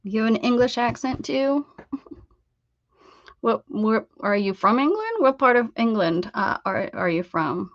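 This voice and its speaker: A middle-aged American woman hosts a craft livestream, rambling through casual chat with viewers, laughing and restarting her sentences. Her voice is fairly high with lively intonation and an unhurried pace. The stream audio is dull, dry and lo-fi.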